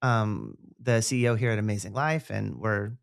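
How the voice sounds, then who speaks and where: A man's voice: lowish voice, expressive, moderate pace, creaky, smooth, no room sound, clean studio sound. A man hosting a podcast, enthusiastic and rambling in a casual interview. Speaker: podcast host.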